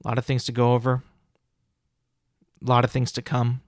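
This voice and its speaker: Solo male podcaster, fed-up rant, dry close mic, middle pitch. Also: monotone, normal speed, no echo. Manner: exasperated, ranting, many fillers and restarts. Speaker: podcast host.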